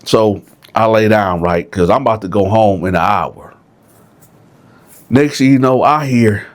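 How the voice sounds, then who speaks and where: A man's voice: lowish voice, unhurried, long pauses. A man host casually telling a dramatic personal story, often checking in with "right?". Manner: animated, dramatic, keeps asking "right?".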